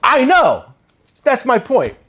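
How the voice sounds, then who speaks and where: A man's voice: very high voice, huge pitch swings, slow, fairly bright tone, husky. A man hosting a casual tool shop chat, rambling and joking at his own expense. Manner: rambling, joking, self-mocking. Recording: noisy shop recording.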